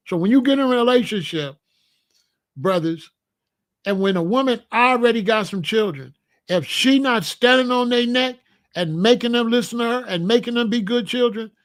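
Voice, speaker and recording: Male host, high voice, preachy and repetitive, casual monologue. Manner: preachy, repetitive, emphatic advice to men.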